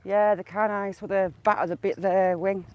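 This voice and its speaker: A woman vlogger walks by a lake giving casual commentary, chatting to herself and fondly cooing and calling out to the ducks. Her voice is mid-range and darkish, with fairly even intonation at a normal speed.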